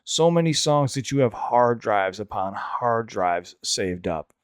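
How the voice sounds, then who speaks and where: A reaction channel host who also raps gives casual, candid commentary that rambles, restarts often and swears freely. His low-leaning voice is animated, clear and resonant at a measured pace, with clean studio sound and no room sound.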